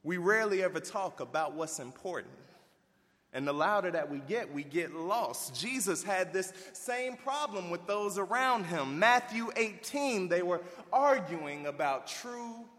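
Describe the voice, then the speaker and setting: Animated high-voiced male preacher. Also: slow, in a large hall. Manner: animated, swings between loud emphasis and hushed asides; folksy, addresses listeners as y'all. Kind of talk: sermon.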